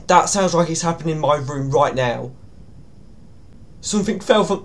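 A man's voice: fairly high pitch, unhurried. A man giving nervous, jumpy commentary while playing a horror game. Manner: jumpy, nervous, often pleading to himself. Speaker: gaming YouTuber.

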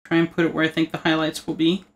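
Fast and completely flat in delivery, a man with a fairly high voice hosts an art tutorial. As he draws, he narrates casually, cracking jokes and rambling along.

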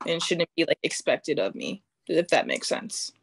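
A teenage girl, a high school basketball player, answering interview questions candidly and laughing as she acts out her thoughts on the court. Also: sing-song, moderate pace, vocal fry, breathy edge, dry recording. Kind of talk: casual interview.

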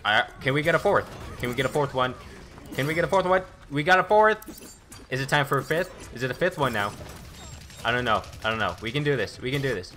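A man giving excitable, boastful live commentary while playing a video game as a gaming YouTuber. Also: mid-range voice, fast talker.

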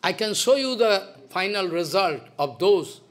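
A man's voice: sits high, animated, a little slow. A man, a spiritual teacher giving a devotional lecture in a stern, scolding manner, repeating his points. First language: Bengali.

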